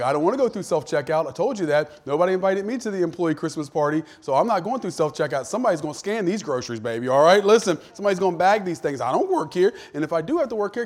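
A pastor preaching a conversational sermon in a church, joking with his congregation and swinging from hushed to loud. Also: a little high. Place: church with a sound system.

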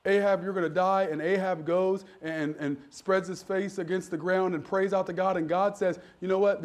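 A man's voice: high voice, a little mellow. A middle-aged man preaching a sermon as pastor, folksy and joking, building to emphatic preaching. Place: church.

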